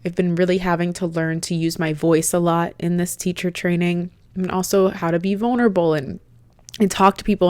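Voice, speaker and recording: This podcast host is a young woman whose voice sits slightly low, speaking candidly and from the heart in a relaxed, chatty solo session. The recording is dry and close, with no surrounding room.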